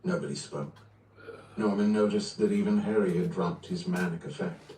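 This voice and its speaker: A man reading a novel aloud on a livestream in a steady, measured way. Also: low-pitched, slight background noise. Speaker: reader. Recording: roomy, distant from the mic.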